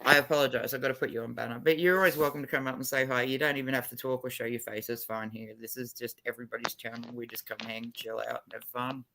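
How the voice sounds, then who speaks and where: A woman's voice: extremely low pitch, steady tone, fast talker, hardly any pauses, fairly bright tone, poor audio. A woman hosting a livestream, chatting casually with viewers in a brash, swearing manner. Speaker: livestream host.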